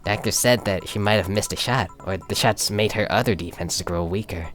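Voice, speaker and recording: Male fan as a subdued young woman, measured and soft-spoken, low-pitched, light music behind. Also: lightly acted. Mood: somber. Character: calm young woman, grieving sister, matter-of-fact. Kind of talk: fan voice acting of a visual novel.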